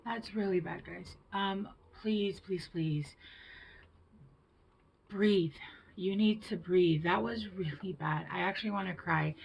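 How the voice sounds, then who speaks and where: A woman giving a tarot reading to her viewers, gentle and reassuring, with hushed whispered asides. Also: fairly low pitch, normal speed, gravelly, hardly any pauses, breathy edge, low-quality recording. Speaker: tarot reader.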